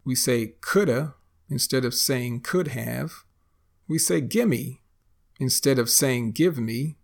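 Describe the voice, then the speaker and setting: A man teaching slang in a slow, careful, scripted podcast lesson with examples. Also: medium pitch, creaky.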